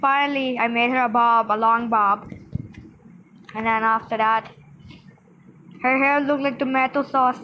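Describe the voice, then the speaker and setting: A woman's voice: fairly high pitch, fairly even intonation, a little slow, pauses often. A young girl narrating her phone game play as a casual vlogger, playful and storytelling, acting out the characters with sound effects. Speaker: gaming vlogger. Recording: dull lo-fi sound with faint background noise.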